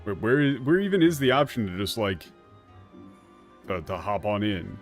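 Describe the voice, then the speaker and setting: A man's voice: lowish voice, big pitch swings, moderate pace, soft background music. A man streaming a video game, chatting casually in a rambling way and laughing often. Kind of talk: casual gameplay commentary.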